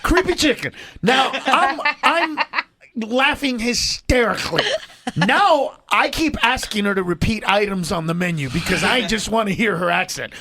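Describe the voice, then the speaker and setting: A male comedian, a guest on a morning radio show, talking in an excitable, animated way and laughing as he goes. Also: high-pitched, normal speed. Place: radio studio.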